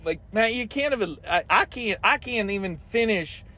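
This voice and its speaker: A man with a high-pitched voice hosts a trading vlog. He rants heatedly and swears constantly as he comments on the markets. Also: animated, moderate pace, bright, forceful tone. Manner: profane, heated ranting. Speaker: trading channel host.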